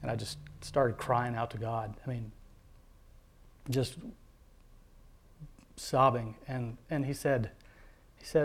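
A man earnestly telling a personal faith testimony as a father, halting, with many fillers and restarts. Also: medium pitch, fairly even intonation. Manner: heartfelt, devout storytelling.

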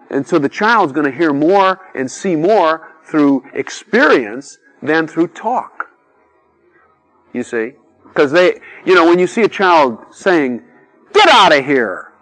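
A middle-aged man gives an informal sermon, talking to the listeners like a friend. His pitch swings widely and freely, and he keeps dropping in little acted-out voices between easy asides. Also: low-quality recording. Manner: conversational, peppered with "you know", acts out quoted voices.

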